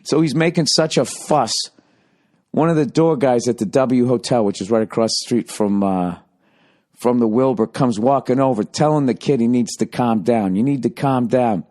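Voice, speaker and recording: A man's voice: mid-range voice, moderate pace, darkish tone. A man hosting a podcast, telling a comic story in a rambling, profane, conversational way with constant "you know"s. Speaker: podcast host. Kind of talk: casual comedic storytelling monologue.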